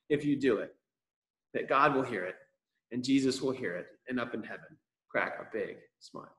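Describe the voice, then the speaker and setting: A man as school chaplain, giving a lively chapel talk to children and acting out the quotes. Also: mid-range voice, moderate pace. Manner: lively storytelling for kids, acts out quotes. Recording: roomy echo.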